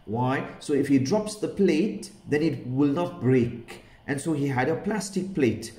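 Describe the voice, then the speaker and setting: A man gently telling a children's story, pausing to ask the listening child questions. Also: mid-range voice, animated. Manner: gentle, asks the child questions, Islamic phrases. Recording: roomy echo.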